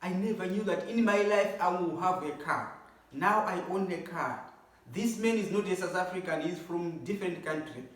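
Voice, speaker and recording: An overjoyed young woman gushes in disbelief, as a man retells her words in his own voice. The voice sits a touch high. It sounds distant and very echoey, as if recorded across a bare room. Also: animated, moderate pace, a bit bright. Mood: gushing. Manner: gushing, disbelieving. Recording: echoey room, voice away from mic.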